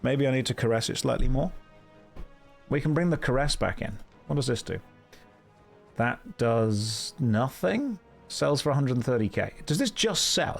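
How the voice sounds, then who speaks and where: A man's voice: mid-range voice, gravelly, breathy edge. A man streaming from home on a desk microphone, chatting playfully with viewers while he plays. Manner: playful, jokey, chats with viewers. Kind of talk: casual live game stream commentary.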